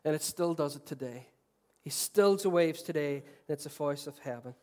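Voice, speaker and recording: A middle-aged man preaching a sermon, earnest and swinging between loud declarations and soft, tender passages, with self-deprecating humour. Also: fairly high pitch, moderate pace. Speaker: pastor.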